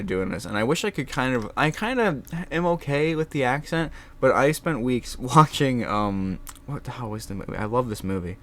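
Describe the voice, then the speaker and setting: A young man talking casually on his vlog, animated and swearing freely, laughing often. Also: on the low side. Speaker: vlogger. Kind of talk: casual chat.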